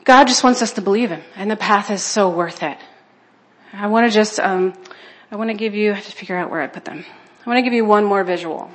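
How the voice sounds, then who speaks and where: A woman's voice: mid-range voice, brisk, fairly bright tone. A woman speaking at a church conference, sharing personal testimony in an emotional, conversational way and checking in with her listeners.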